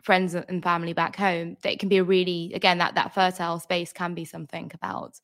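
A woman's voice: fairly low pitch, flat delivery, a little fast, fairly bright tone. A woman author as an interview guest, chatty and thoughtful with many fillers. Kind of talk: casual interview chat.

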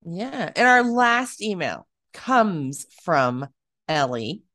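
A woman in her thirties co-hosting a podcast, chatty and animated, with lots of "like" in her speech. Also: on the low side, slow, no room sound, studio quality. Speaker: podcast co-host. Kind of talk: casual podcast chat.

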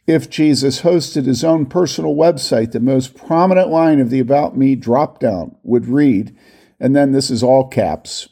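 A man reading aloud a critique of a theology book, slowly reading out long quotations and marking each quote. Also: mid-range voice, animated, mellow. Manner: reads quotations slowly and deliberately, voicing each quote mark.

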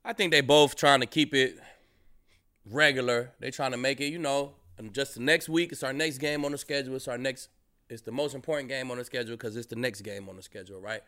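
A man co-hosts a sports podcast, drawing on his years as a player. His voice is bright and forceful. He talks loosely and keeps checking in with "you know what I'm saying.". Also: mid-range voice, brisk. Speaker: co-host, former player. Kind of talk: casual sports talk.

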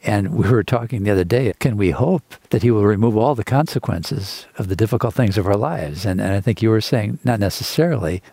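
Husky, gravelly man asking probing questions. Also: fairly low pitch, dark tone, dry recording. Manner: probing, asks follow-up questions, measured. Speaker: co-host. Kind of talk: conversational podcast discussion. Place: quiet studio around a table.

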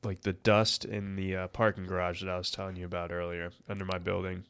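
Man, stuffy-nosed, podcast co-host, casual banter, slightly low voice. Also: little pitch movement, fast, a bit bright, clear, resonant tone, no echo. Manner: laughing, self-deprecating banter. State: congested, stuffy nose. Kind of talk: casual sports podcast chat.

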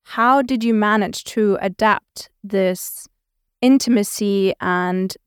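A woman's voice: medium pitch, takes it slowly, clear, resonant tone, no echo, clean studio sound. A woman guest-hosting an interview, affirming her guest and asking curious follow-up questions. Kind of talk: casual conversational interview.

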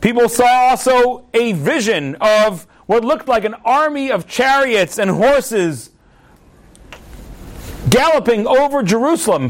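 A man teaching a lesson through a story, lively and repeating words for emphasis. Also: very high voice.

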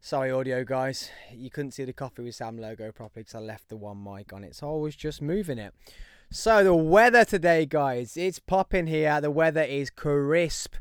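A man's voice: fairly high pitch, moderate pace, clean tone, dry recording, studio quality. A young man with a Birmingham accent hosting a podcast, talking in an upbeat, rambling way. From West Midlands, England. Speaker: podcast host. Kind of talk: casual podcast monologue.

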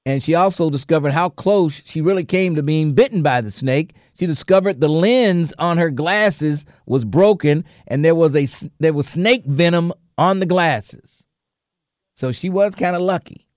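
A man hosting a talk radio show, telling stories in a lively, chatty way and laughing often. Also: fairly high pitch, normal speed, no room sound, studio quality. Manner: animated storyteller, laughs often. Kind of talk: casual talk radio chat.

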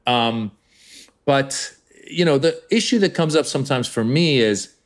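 American comedian guy, animated, storytelling in an interview. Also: medium pitch, unhurried. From United States. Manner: animated storyteller, acts out voices. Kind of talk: interview conversation.

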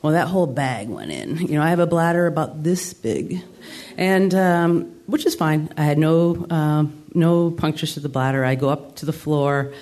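A woman's voice: sits low, moderate pace, a little mellow. A woman in her sixties from the Adirondacks of New York, telling a comic, self-deprecating story live on a theater stage. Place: theater stage before an audience.

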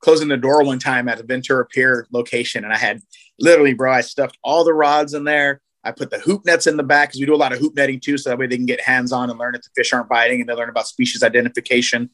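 Fast-talking laid-back fishing guy. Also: medium pitch. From Southern California. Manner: fast, animated storytelling with slang. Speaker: guest, fishing program organizer. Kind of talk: casual podcast chat.

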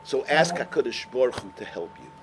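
Animated older man giving a sermon. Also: medium pitch, a little fast, noisy background. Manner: animated, swings from shouting to hushed. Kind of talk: sermon storytelling.

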